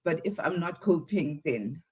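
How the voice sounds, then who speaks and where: Halting, teary woman hosting a live stream. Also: deep voice, expressive, breathy edge, poor audio. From South Africa. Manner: halting, with many sighs and pauses. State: teary, close to crying. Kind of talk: casual live-stream talk.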